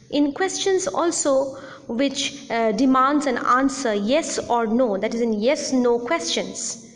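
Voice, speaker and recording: A woman's voice: on the high side, lively intonation, long reverb tail. A woman teacher giving a recorded audio lecture, explaining carefully and reading out example sentences. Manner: slow, deliberate explanation with spoken examples.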